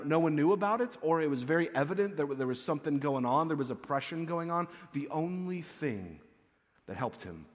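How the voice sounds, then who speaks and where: Man, pastor, casual sermon, animated, somewhat high voice, echoey church hall. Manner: casual, animated, acts out quotes. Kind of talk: conversational sermon.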